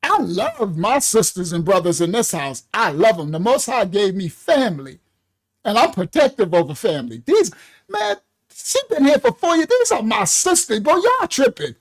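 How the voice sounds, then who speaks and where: Male ministry leader on a casual livestream; slangy, laughing, acts out voices, very lively pitch. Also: normal speed. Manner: animated, laughing, heavy slang.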